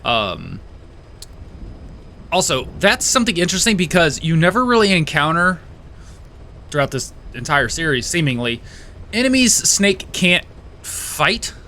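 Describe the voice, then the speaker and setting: A man comments on his gameplay in a loose, rambling way, swearing and drifting into tangents with constant restarts. His voice is bright and forceful and sits somewhat high. A faint hum of noise runs under the recording. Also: very animated, a little slow, long pauses. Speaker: let's play gamer.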